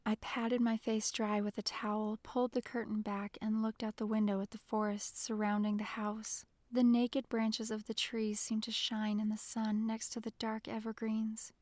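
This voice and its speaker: A woman reading an audiobook in the first person, her delivery soft and full of feeling. Her voice sits fairly high. The studio sound is dry and close. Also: level tone, moderate pace, few pauses, no room sound. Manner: emotional, soft-spoken storytelling. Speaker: audiobook narrator. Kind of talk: scripted first-person narration.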